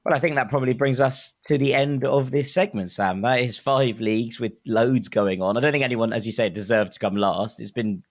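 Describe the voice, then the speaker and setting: A man's voice: mid-range voice, steady tone, brisk, few pauses, dry recording, studio quality. A man hosting a casual sports podcast, upbeat and often repeating words as he thinks. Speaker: podcast host.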